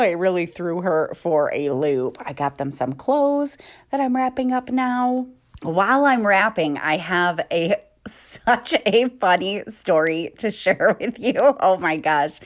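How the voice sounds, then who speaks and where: A woman vlogger and mom, telling stories in a casual, chatty way while doing chores in her home kitchen, often laughing mid-sentence. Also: deep voice.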